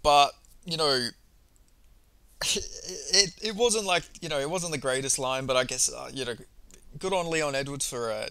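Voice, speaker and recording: A young man recapping a press conference in a casual, excitable monologue, swearing freely and rambling through lots of fillers. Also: on the high side, clear, resonant tone, no echo. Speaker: MMA commentary vlogger.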